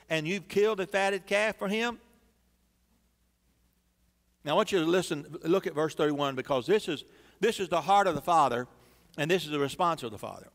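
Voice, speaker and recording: A man's voice: high-pitched, lively intonation, fairly quick, fairly bright tone. A man preaching a sermon as pastor, building emphasis through dramatic repetition in a church sanctuary. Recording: long church reverb.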